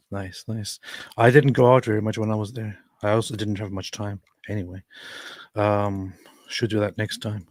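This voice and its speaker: A male host chatting casually in a measured, somewhat hesitant way. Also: fairly low pitch, fairly even intonation, darkish tone, no echo. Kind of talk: casual chat.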